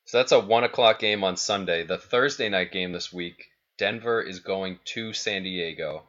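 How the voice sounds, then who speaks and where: A man co-hosts a sports podcast, chatting casually in a laid-back way and steering the talk toward predictions. His voice is low and fairly bright, at a moderate pace, and the recording sounds muffled.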